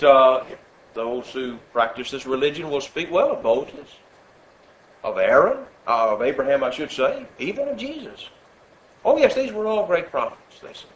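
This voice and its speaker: A man preaches a sermon, growing loud and high whenever he quotes scripture and dropping low and soft for his asides. The audio is poor.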